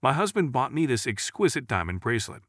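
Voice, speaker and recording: A man's voice: mid-range voice, big pitch swings, fast talker, dry recording, studio quality. A man voicing an arrogant, wealthy woman from California who boasts about her gifts. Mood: boastful.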